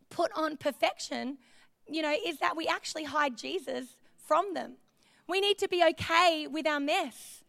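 A woman's voice: extremely high pitch, creaky, a bit bright, dry recording. A woman preaching a sermon in a chatty, self-deprecating way, telling personal stories in a church.

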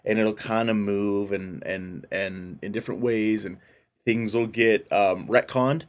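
A man's voice: lowish voice, fairly even intonation, unhurried. A man casually recapping a film on a podcast, rambling and enthusiastic, acting out quotes in changed voices. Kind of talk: casual chat.

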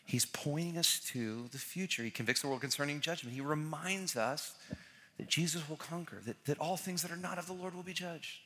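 A man preaching a sermon as pastor, animated and repeating key phrases, acting out the people in the story. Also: on the high side, fairly quick. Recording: large hall with long reverb.

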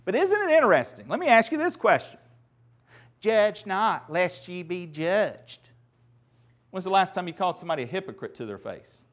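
A man pastor preaching a sermon, animated, with sarcastic asides and swings from loud to soft. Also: on the high side.

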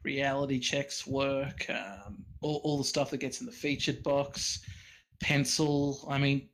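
A man, a podcast guest chatting casually and haltingly, with many fillers and restarts. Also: medium pitch, steady tone, poor audio. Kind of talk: casual chat.

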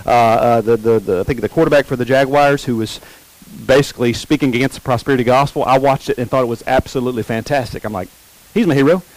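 With a medium-pitched, steady tone, a male pastor preaches a sermon captured on a dry, rough recording. He puts questions to the congregation and slowly repeats key phrases for emphasis.

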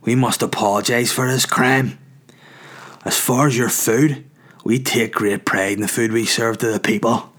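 A man's voice: mid-range voice, fairly even intonation, measured pace, fairly bright tone. Guy putting on a sweary sixty-something takeaway lady, sweet then scolding. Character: foul-mouthed older woman takeaway owner, irate.

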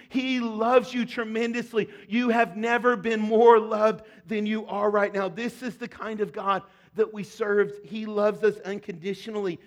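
A middle-aged male pastor delivers a sermon from a church stage, his voice pitched noticeably high. He talks earnestly to the congregation, sinking into soft, hushed passages and then building to loud, emphatic peaks.

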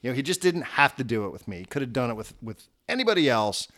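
A man's voice: mid-range voice, quick pace. A sports radio host, a man, telling stories in a casual talk and acting out what others said. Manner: animated storyteller, acts out quotes.

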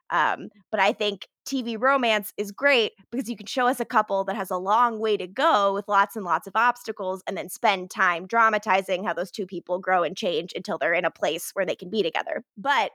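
A woman's voice: mid-range voice, lively intonation, normal speed, few pauses, a bit bright, no echo, clean studio sound. A woman co-hosting a podcast, recapping an episode in casual chat, laughing often and swearing, with lots of fillers. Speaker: podcast co-host.

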